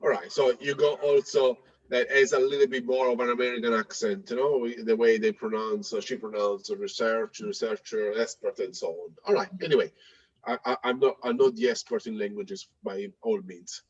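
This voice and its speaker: A man presenting a live software demo, talking in a hesitant way with many fillers and restarts. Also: mid-range voice, steady tone, moderate pace, no room sound, dull audio. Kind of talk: live tech demo talk.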